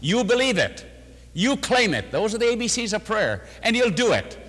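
Older man preaching in a big hall. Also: moderate pace. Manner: animated storytelling, voices quotes with rising pitch. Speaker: preacher answering questions. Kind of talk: sermon.

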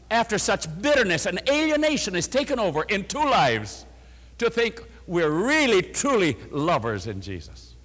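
A man's voice: high voice, fairly bright tone. A man preaching a sermon, earnestly retelling a woman's letter and then guiding listeners to take notes. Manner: earnest storytelling, retelling a letter with rising emotion. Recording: long hall reverb.

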